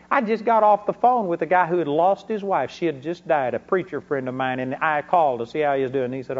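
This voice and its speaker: A man's voice: a little high, expressive, brisk. A man preaching a sermon, telling folksy stories from his ministry and rising into bursts of emphasis. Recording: dull lo-fi recording.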